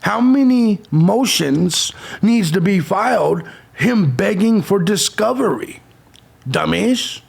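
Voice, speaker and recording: A man's voice: high voice, lively intonation, slow, vocal fry, husky. A man hosting a true crime channel, ranting abrasively with insults and sarcasm. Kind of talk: profane ranting commentary.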